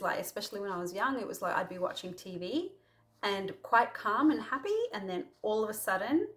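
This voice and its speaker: A woman with a mid-range, fairly bright voice hosts a relaxed Christian talk straight to camera. She shares personal stories in a chatty manner, sprinkling in lots of fillers.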